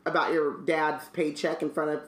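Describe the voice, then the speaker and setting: A woman's voice: sits low, flat delivery, normal speed. Chatty woman in an echoey room. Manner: chatty, many fillers and asides. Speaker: podcast co-host reading a book aloud. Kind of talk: casual book-club chat and reading aloud.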